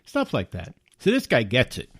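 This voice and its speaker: A man's voice: medium pitch, huge pitch swings, moderate pace, a bit bright, slightly rough. A man hosting a podcast, talking emphatically in a casual monologue, with rhetorical questions and repeated words. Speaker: podcast host.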